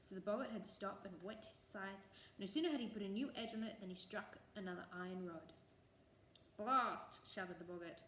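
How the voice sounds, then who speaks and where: A woman telling a traditional folk tale in an expressive, lilting storytelling way. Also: mid-range voice, fast, hardly any pauses, slight background noise. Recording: echoey room, faint ambience.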